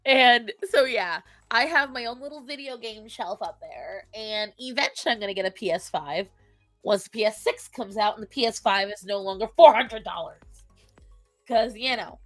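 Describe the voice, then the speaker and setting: A woman streamer chatting casually about games, animated and dramatic, laughing and swearing often. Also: a little high, normal speed, faint music behind. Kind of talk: casual gaming chat.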